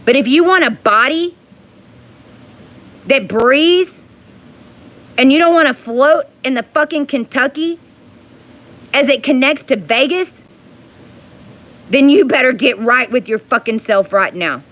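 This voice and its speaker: A woman's voice: high voice, animated, unhurried, long pauses. Woman ranting angrily, profane. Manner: ranting, profane, rising to yelling. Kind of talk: angry monologue to camera.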